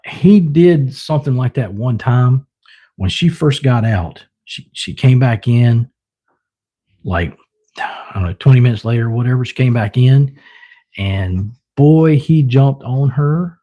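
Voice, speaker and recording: A man's voice: mid-range voice, lively intonation, measured pace, pauses often, mellow, slightly rough. A man livestreaming, casually telling a rambling story, chuckling often and mimicking his pets.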